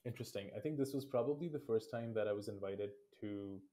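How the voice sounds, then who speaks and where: Speaking fast in a fairly low, dark voice, this Indian guest in his twenties gives thoughtful, reflective answers during a casual interview.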